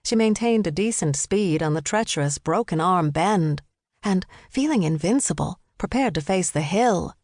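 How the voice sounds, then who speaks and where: A woman narrating a cozy mystery audiobook in a measured, descriptive way. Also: lowish voice, animated, darkish tone, no echo. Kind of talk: scripted narration. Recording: dry studio close mic.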